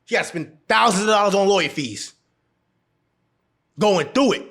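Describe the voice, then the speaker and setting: A relationship advice vlogger with a fairly high, slightly bright voice speaks casually and bluntly into the camera at a normal pace. His delivery is expressive, with wide pitch swings, frequent laughter, and repeated phrases that hammer each point home.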